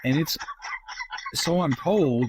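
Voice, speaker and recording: A man's voice: fairly high pitch, lively intonation, slow pace, background noise. A man co-hosting a podcast, telling a wry, self-deprecating anecdote in casual chat. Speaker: podcast co-host.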